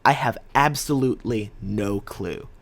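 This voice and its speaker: A young music commentator gives an animated, opinionated, and argumentative take on rap lyrics, quoting lines as he goes. His voice is on the low side and a little slow.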